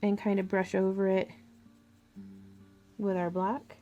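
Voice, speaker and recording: A woman's voice: medium pitch, little pitch movement, takes it slowly, warm tone, dull audio, soft background music. A woman hosting a crafting tutorial, chatting casually and thinking aloud as she works. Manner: chatty, thinking aloud, with fillers and little laughs.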